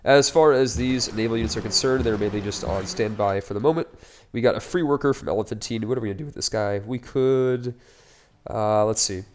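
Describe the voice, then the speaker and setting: A man's voice: on the low side, fairly quick. A man casually commenting on his own strategy game playthrough, upbeat and chatty with wry, joking asides. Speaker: let's play host.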